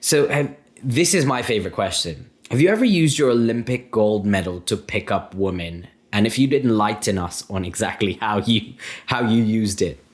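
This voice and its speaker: A man's voice: lowish voice, expressive, normal speed, hardly any pauses. A man hosting a casual interview, reading out questions and reacting with enthusiastic praise. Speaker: host.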